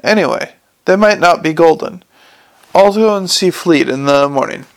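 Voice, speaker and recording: Brief: man reads wry young man, dry wit, slightly raised, gravelly. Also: on the high side, animated, moderate pace. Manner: wry, dry, sometimes uncertain.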